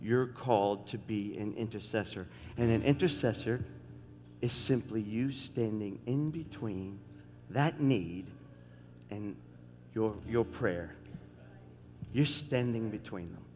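A man's voice: lowish voice, slow, dark tone, in a large hall, a little hiss or hum. A middle-aged man preaching a sermon as pastor, folksy and joking, repeating phrases for emphasis.

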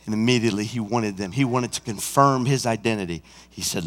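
A senior pastor preaching a sermon, swinging from hushed, intimate passages to shouted climaxes, sometimes singing and acting out scenes. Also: male voice, mid-range voice, expressive, fast, in a large hall. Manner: breaks into song and acts out scenes. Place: church sanctuary.

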